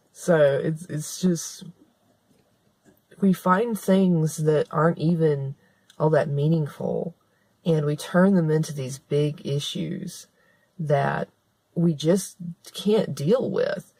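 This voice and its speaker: A woman's voice: low voice, takes it slowly, darkish tone, no echo. Earnest woman vlogging in a dry room. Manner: conversational and earnest, repeats points for emphasis. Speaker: author and vlogger. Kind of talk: spoken-word vlog monologue.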